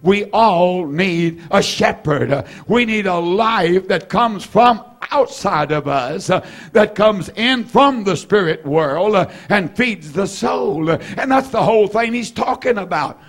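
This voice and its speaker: Fervent older man preaching, high voice. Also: lively intonation, takes it slowly. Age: 70s. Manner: fervent, repetitive preaching with bursts of shouting; frequent "uh" fillers and restarts. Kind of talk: evening sermon.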